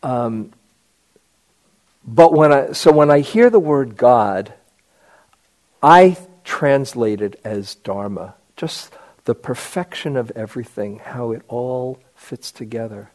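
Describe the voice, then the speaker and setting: A man, a meditation teacher, giving a dharma talk to retreat students, telling stories in an unhurried way with gentle restarts and self-deprecating humor. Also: mid-range voice.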